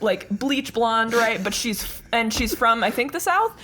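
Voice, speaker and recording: High-voiced, unhurried woman podcast co-host. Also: expressive, pushed and bright, slight background noise. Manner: playful, quick reactions and laughter. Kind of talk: casual chat.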